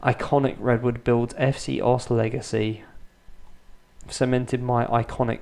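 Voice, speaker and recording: A gravelly, medium-pitched man talks at normal speed with fairly even intonation. He's a gaming YouTuber in his thirties doing Let's Play commentary at home late at night, voice kept low and restrained so as not to wake his sleeping children, and he jokes about himself in a dry way.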